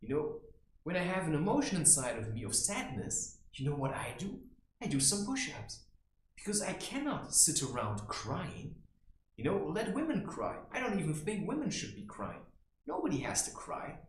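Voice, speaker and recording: A man's voice: fairly high pitch, wildly swooping pitch, moderate pace, a little hiss or hum. A man playing a blunt, boastful macho barbarian in a rambling comic monologue, keeps tossing in "right?", recorded in a room. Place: room indoors. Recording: echoey room.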